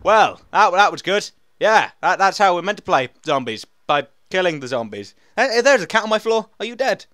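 A young man with an English accent giving casual, rambling commentary over a game, excitable and laughing often. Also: high-pitched, moderate pace, few pauses, dry recording, studio quality. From England. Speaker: gaming commentator.

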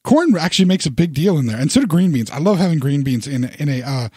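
A man in his thirties, co-hosting a podcast in casual chat, rambling and animated with self-deprecating humor. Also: a little high, quick pace, slightly rough, no room sound, studio quality. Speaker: podcast co-host.

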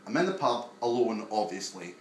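A man's voice: on the low side, expressive, moderate pace. A young man doing a live stand-up set in a small basement venue, wry and self-deprecating, bantering with the front row. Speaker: stand-up comedian. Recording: echoey room with audience noise. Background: audience ambience and laughter.

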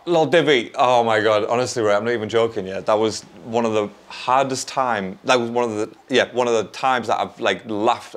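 A man hosting a music reaction, chatting casually and rambling, with lots of "like" and restarts. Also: lowish voice.

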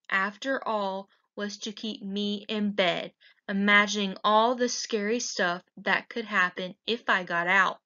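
Slow, bright-voiced woman reading a picture book aloud. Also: mid-range voice. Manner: slow and expressive. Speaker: teacher. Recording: dull lo-fi recording.

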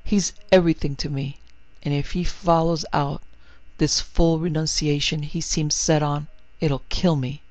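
Guy doing a pushy young woman, urgent, kinda high, dry flat sound. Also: measured pace, dry recording, close to an everyday voice. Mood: pleading. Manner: urgent and emotional. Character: young woman, pleading and headstrong. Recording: dry, slightly muffled recording.

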